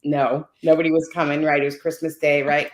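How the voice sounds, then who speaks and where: A middle-aged woman with a low, fairly flat voice talks at a quick clip, sharing a personal story casually on a video call. She's a guest on a panel talk and keeps checking in with "right?" and "you know." The recording has a roomy echo.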